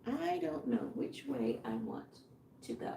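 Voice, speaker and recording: Tired, gravelly-voiced woman musing aloud. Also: high voice, dark tone, slight background noise. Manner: musing aloud, halting and indecisive. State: voice fading, tired. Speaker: fashion designer. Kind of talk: casual live-stream talk. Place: home workroom. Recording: echoey room.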